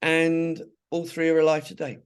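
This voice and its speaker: A man's voice: fairly high pitch, monotone, normal speed, smooth. A middle-aged or older man from England, telling stories in a rambling interview style with many restarts and asides. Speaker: interviewee, charity founder. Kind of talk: conversational interview storytelling.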